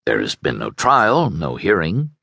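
A man voicing a stubborn, principled soldier in an audiobook, calm and firm. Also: extremely low pitch, a little slow, creaky, breathy edge, no echo, exaggerated voice. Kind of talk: audiobook character voice.

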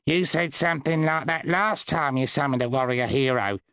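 A man voicing a sharp-tongued female budgie familiar who mocks her wizard, read as an audiobook character voice. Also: fairly high pitch, normal speed, smooth, no echo, studio quality, voice pushed up. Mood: warning. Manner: mocking, needling.

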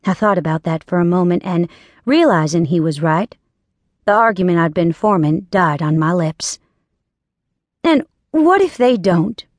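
A woman's voice: fairly low pitch, moderate pace, no echo. A woman narrating a first-person audiobook in a wry, dry storytelling manner.

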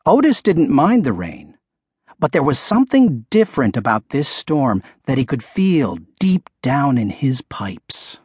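A man narrating a children's picture book, telling it expressively and sinking his voice low for the menacing parts. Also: a little slow, breathy edge, dry recording, clean studio sound. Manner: expressive storytelling, dropping low for the bull's menace. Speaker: audiobook narrator.

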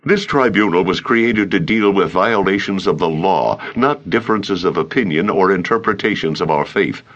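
A man voicing a calm, dignified older male councilman in an audiobook, speaking deliberately. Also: deep voice, dull audio.

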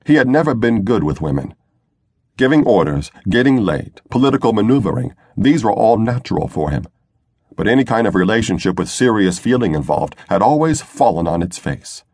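A man reading a science fiction novel aloud as audiobook narrator, in a measured storytelling manner. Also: on the low side, sing-song, a little mellow, slightly rough, no room sound. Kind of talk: scripted narration.

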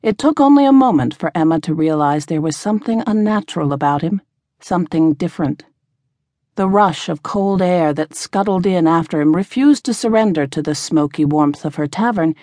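A woman narrating a fantasy novel in a steady, measured reading. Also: on the low side, no echo. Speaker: audiobook narrator. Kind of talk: scripted narration.

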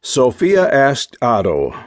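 A man reading a romance audiobook in measured, unhurried storytelling. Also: mid-range voice, wildly swooping pitch, dry recording, clean studio sound. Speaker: audiobook narrator. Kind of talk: scripted narration.

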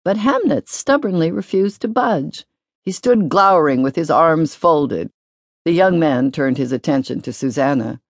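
Expressive woman audiobook narrator. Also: deep voice, dry recording. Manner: measured, expressive storytelling. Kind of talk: scripted narration.

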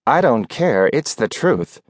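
A man's voice: mid-range voice, sing-song, slow pace, dry recording, clean studio sound. A man voicing a plump, blunt landlady who scolds plainly and practically.

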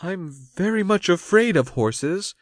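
A man voicing a gentle, timid young woman, once a nun, in an audiobook. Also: on the low side, animated, slow pace, no echo, clean studio sound, voice pushed up. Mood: polite.

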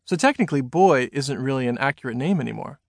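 A man's voice: mid-range voice, expressive, quick pace, creaky, no room sound. A man voicing a seventeen-year-old boy who talks in a reluctant, mumbling way, close to his own voice.

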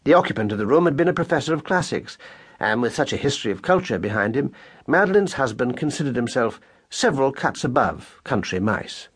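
A man narrating a children's audiobook in a measured, expressive storytelling manner, with a husky voice. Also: medium pitch. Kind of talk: scripted narration.

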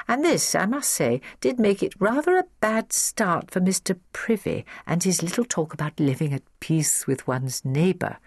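A woman narrating a children's book with an expressive, storytelling delivery. Her voice sits fairly low but moves a great deal in pitch, and the studio sound is dry and close. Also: measured pace, slightly rough, no echo. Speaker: audiobook narrator. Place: recording studio.

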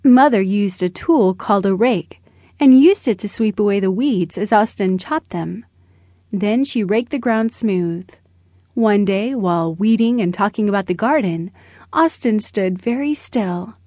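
A woman narrating a children's storybook in a gentle, measured way, close to the mic. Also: medium pitch, animated, no echo. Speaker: audiobook narrator.

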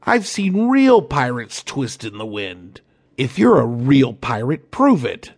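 A man's voice: mid-range voice, huge pitch swings, slow, husky, exaggerated voice. A man voicing a brave, defiant young princess in a children's storybook, haughty and bold.

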